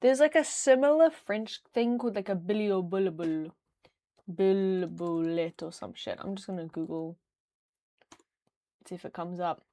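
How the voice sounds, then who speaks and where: A woman's voice: mid-range voice, unhurried, warm tone, dry recording. A young woman chatting casually on a livestream, rambling with lots of fillers. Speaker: streamer.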